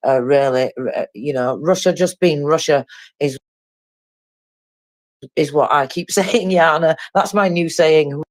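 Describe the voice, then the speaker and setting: A man's voice: fairly high pitch, measured pace, long pauses, no echo. A man speaking on a live online audio chat, stammering and at a loss for words. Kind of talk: casual chat.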